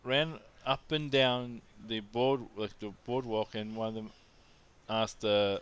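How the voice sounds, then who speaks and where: A man's voice: fairly low pitch, fairly even intonation, slow pace, fairly bright tone, smooth. A man from Australia telling a rambling personal anecdote as a casual monologue, with frequent restarts and asides.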